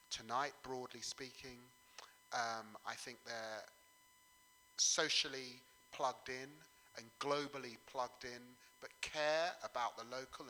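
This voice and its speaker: Emphatic bright-voiced man on a panel. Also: medium pitch, big-room sound, rough recording. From England. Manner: emphatic, rising and falling delivery with fillers. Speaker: panel speaker. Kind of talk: public panel discussion.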